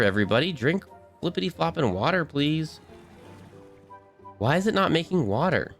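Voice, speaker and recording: A man's voice: fairly high pitch, big pitch swings, moderate pace, pauses often, a bit bright, soft background music. Bubbly, rambling male streamer. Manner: rambly and bubbly, restarts a lot. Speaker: game streamer. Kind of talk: casual live stream chat.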